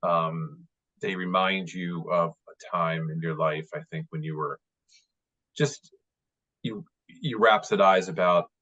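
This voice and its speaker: Low-voiced man rambling fondly on a video call. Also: steady tone, takes it slowly, a bit bright. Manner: rambling, many fillers and restarts, fond and chatty. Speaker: baseball writer, guest speaker. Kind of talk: casual interview over video call. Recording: dull lo-fi video call audio.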